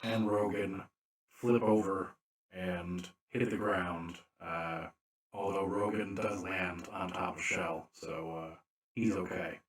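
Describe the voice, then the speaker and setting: A man narrating a tabletop game as game master, slow and deliberate with frequent fillers. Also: sits low, steady tone, reverberant.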